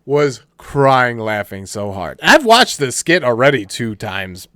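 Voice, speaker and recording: A man co-hosting a podcast, rambling through animated retellings of comedy sketches with lots of fillers and restarts, laughing as he goes. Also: medium pitch, takes it slowly, no room sound, studio quality. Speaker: podcast co-host. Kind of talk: casual chat.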